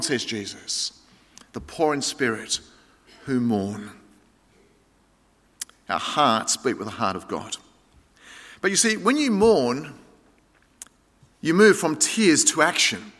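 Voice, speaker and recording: A man's voice: a little high, sharp tone. A man preaching a sermon with passion, at times rising into a pleading prayer. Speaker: pastor. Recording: long reverb of a large hall.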